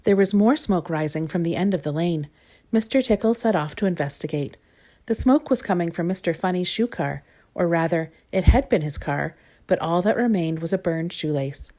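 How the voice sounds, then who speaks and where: Woman, storybook reading, calm, measured, lowish voice. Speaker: storybook reader.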